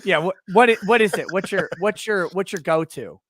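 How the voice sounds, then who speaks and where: Casual, laughing stream host. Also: male voice, high voice, normal speed, a bit bright, dry recording, clean studio sound. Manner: casual, laughing, reads out chat comments. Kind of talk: live-stream interview chat.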